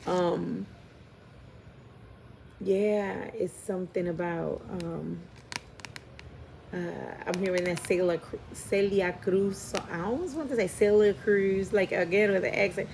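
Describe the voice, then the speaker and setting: A woman's voice: lowish voice, unhurried, creaky, pauses often, a little mellow, slight background noise. A woman reading tarot cards in a casual spiritual style, thinking aloud with many fillers and frequent "right?" checks. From Puerto Rican, from New York and Philadelphia area. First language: Spanish heritage speaker. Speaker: tarot reader.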